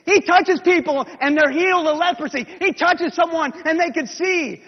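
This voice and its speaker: A man's voice: very high voice, normal speed. Man preaching a dramatic story sermon. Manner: acts out the story, swinging from hushed whispers to shouted calls. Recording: dull lo-fi recording in a reverberant hall.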